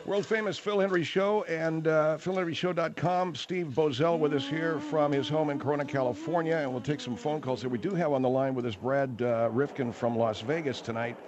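A man hosting a call-in radio talk show, animated and refereeing his callers. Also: on the high side, fairly quick, hardly any pauses, highs cut off.

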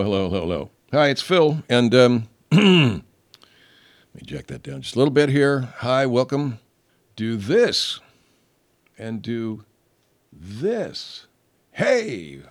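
Rambling, animated male podcast host. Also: mid-range voice. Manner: rambling, profane, frequent throat-clearing. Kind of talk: casual comedic monologue.

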